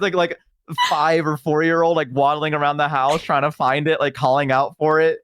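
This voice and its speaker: A man's voice: a little high, flat delivery, fairly quick, a bit bright, slight background noise. A man guesting on a stream, chatting casually and telling rambling childhood stories full of fillers. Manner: rambling, filler-heavy storytelling. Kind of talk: casual chat.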